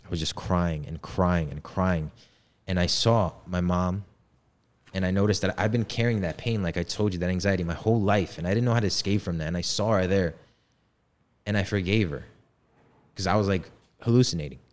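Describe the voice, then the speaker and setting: A man's voice: sits low, fairly quick. A man in his twenties telling a personal story in casual, slangy talk. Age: 20s. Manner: laid-back slangy talk. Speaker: podcast guest.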